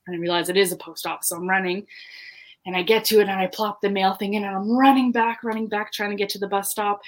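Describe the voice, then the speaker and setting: A young woman co-hosting a podcast, telling a personal story in casual chat, full of "like" and "you know" and quick laughs. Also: on the low side, a bit bright. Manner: chatty, lots of "like" and "you know", laughs often. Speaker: podcast co-host.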